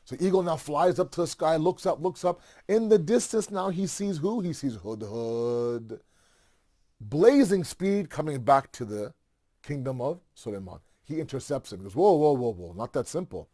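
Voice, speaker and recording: A man's voice: a little high, lively intonation, normal speed, dark tone. A man telling a religious story in a casual, conversational way, with many fillers and asides.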